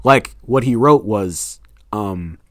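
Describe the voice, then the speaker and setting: A man's voice: lowish voice, takes it slowly, fairly bright tone, no room sound, clean studio sound. A young man, a book's author, chatting casually as a podcast guest and acting out scenes from his story.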